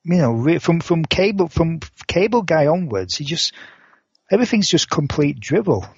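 A man's voice: fairly high pitch, very animated, normal speed, husky, dry recording. Rambling, sarcastic man with dull lo-fi sound. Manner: rambling with many restarts and "sort of" fillers; dry sarcastic humor. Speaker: podcast co-host. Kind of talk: casual chat.

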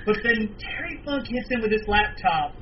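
A man's voice: high-pitched, moderate pace. A man co-hosting a casual podcast chat, telling stories with lots of laughter and acted-out quotes. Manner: animated storyteller, laughs often, acts out quotes. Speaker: podcast co-host. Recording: muffled lo-fi with faint noise.

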